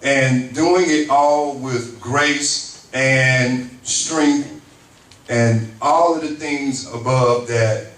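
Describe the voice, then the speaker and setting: A man's voice: medium pitch, a bit bright. A man emceeing a community town hall, who speaks in an earnest, grateful way as he makes his acknowledgements and introduces speakers. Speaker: emcee and university teacher. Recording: roomy hall, far from mic, faint noise.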